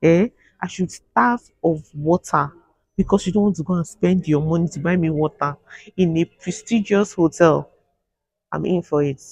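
A woman's voice: fairly low pitch, normal speed, a little mellow, breathy edge, dry recording. A Nigerian woman vlogging with her husband, teasing and complaining in a playful way. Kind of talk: casual couple vlog banter.

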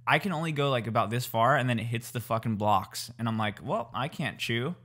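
A man's voice: medium pitch, animated, fairly quick, a bit bright. A man in his twenties co-hosting a casual podcast chat, talking with a slight lisp from new braces in a laid-back, slangy way. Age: 20s. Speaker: podcast co-host.

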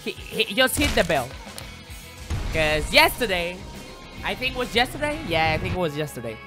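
A man's voice: high voice, big pitch swings, normal speed. A man chatting on a live stream while gaming, rambling, stuttering and swearing. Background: game music.

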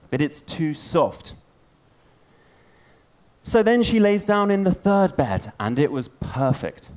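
A man giving a storytelling conference talk, an animated storyteller. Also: a little high. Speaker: conference speaker.

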